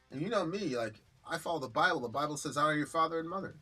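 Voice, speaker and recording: Blunt, bright-voiced man telling stories. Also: fairly high pitch, racing, hardly any pauses, breathy edge, soft background music. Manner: blunt, profane, animated storytelling. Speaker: co-host of a live reaction stream. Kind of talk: casual heated discussion.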